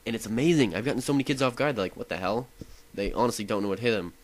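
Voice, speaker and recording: In a rough recording, a young gaming video host races through casual commentary on his own gameplay at medium pitch. His rambling is enthusiastic, and he keeps cutting himself off and starting sentences over.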